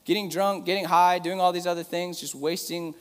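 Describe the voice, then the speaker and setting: A man with a slightly higher voice preaches a relaxed, chatty sermon and drops in joking asides. His voice rings out with a long reverb tail, as if he were in a large hall. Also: a little fast, smooth. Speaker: pastor.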